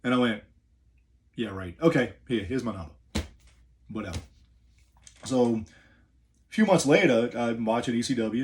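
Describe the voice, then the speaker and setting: A man's voice: mid-range voice, darkish tone. A middle-aged man from the New Orleans area with a New Orleans accent, a wrestler telling a story in a laid-back, rambling way with many fillers. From New Orleans area, USA. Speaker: professional wrestler. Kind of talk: casual storytelling.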